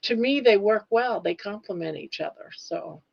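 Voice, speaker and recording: Woman guest co-host, relaxed chatter, gravelly, dull lo-fi recording. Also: medium pitch, moderate pace. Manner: easygoing, lots of fillers. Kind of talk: casual live chat. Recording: dull lo-fi audio.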